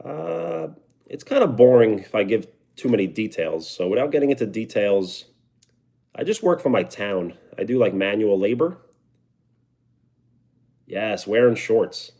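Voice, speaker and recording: A man's voice: fairly low pitch, lively intonation, unhurried, vocal fry, pauses often, dark tone. A young man with a New York accent, chatting casually on a live stream and answering viewer comments. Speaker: livestreamer.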